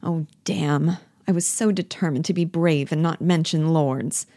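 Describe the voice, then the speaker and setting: A woman with a low, dark voice reads a play at a measured pace with fairly even intonation, recorded dry. She voices a bitter, jealous young wife who pleads with her lover and mocks her husband, sounding reproachful, cutting and pleading.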